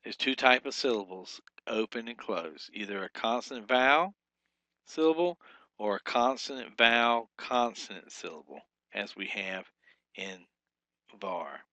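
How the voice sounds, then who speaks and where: A man teaching a recorded lesson, explaining patiently with fillers and slowly drawn-out example sounds. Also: lowish voice, expressive, sharp tone, dry recording, muffled recording.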